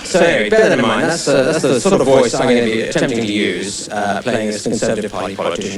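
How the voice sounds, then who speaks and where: A man's voice: on the low side, quick pace, hardly any pauses, a crowd in the background. Rambling stand-up man on an echoey stage. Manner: rambling, self-deprecating, stammering restarts. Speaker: stand-up comedian. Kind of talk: stand-up comedy. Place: TV studio stage under hot lights. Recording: echoey studio, distant mic. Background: studio audience laughing.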